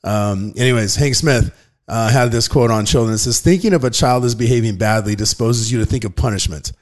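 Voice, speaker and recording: With a mid-range voice and a fairly quick pace, a thirty-something father co-hosts a casual podcast. He's earnest and rambling, restarting his thoughts often.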